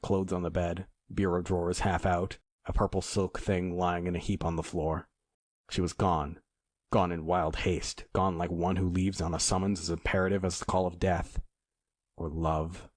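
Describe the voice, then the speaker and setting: Male audiobook narrator, very low voice, dry close recording. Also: level tone, dry recording. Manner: measured, dramatic storytelling. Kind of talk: scripted first-person narration.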